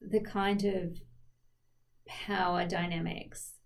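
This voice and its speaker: A woman's voice: on the low side, level tone, slow pace, creaky. A woman co-hosting a casual conversation about a TV series, talkative and thoughtful, with many "like"s and "you know"s. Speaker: podcast co-host.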